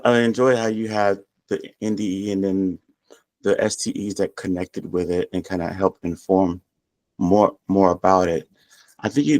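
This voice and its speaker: Low-voiced hesitant man. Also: a little mellow, dry recording. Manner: hesitant, many fillers. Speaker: support group member asking a question. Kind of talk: casual question on a video call.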